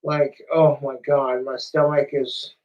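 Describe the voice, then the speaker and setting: A man's voice: mid-range voice, level tone, takes it slowly, a little mellow, distant mic, lo-fi sound. A man chatting casually on a livestream, rambling, profane and repetitive.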